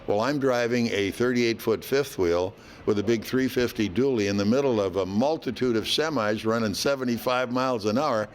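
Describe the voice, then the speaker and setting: An older man, a veteran hockey announcer, telling stories in an interview in a folksy, unhurried way with frequent fillers. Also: medium pitch, slight background noise. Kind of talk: relaxed interview storytelling.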